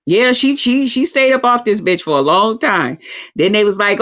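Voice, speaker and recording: A woman hosting a casual livestream chat, telling stories in a profane, animated way. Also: mid-range voice, normal speed. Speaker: livestream host. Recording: lo-fi dull sound.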